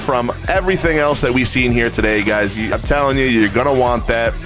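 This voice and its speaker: A man's voice: mid-range voice, a little fast, over music. Hyped man hosting a livestream. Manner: hyped, salesy, talks straight to viewers. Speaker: livestream host. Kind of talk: casual livestream chat.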